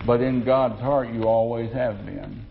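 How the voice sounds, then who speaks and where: Male pastor, mid-pitched sermon voice, questioning the congregation, dull church recording. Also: fairly even intonation, a little slow, vocal fry, slight background noise. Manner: preaching to a congregation with rhetorical questions.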